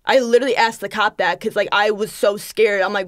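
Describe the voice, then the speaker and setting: Recorded on a studio microphone with studio quality and no echo, this young woman has a mid-range voice. As a guest on a podcast, she chats casually through an animated, fast-paced story, full of quoted asides as she voices people back and forth.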